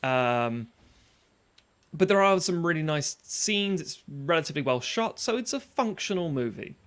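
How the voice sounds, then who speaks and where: Male co-host, a touch high-pitched, chatty and rambling, casual film-talk delivery. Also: animated, moderate pace, a bit bright. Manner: chatty, rambling, swears, laughs often. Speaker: podcast co-host. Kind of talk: casual film discussion on a live stream.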